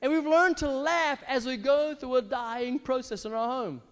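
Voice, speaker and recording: A middle-aged man preaching a sermon as pastor, animated and breaking into big exaggerated laughs. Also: very high voice, moderate pace, smooth. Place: church hall. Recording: long church hall reverb.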